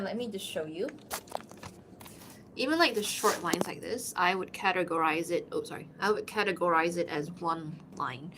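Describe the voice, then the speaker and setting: A woman's voice: on the low side, background noise. A woman voice actor chatting casually on a livestream between takes; she laughs often and is self-deprecating. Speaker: streamer and voice actor.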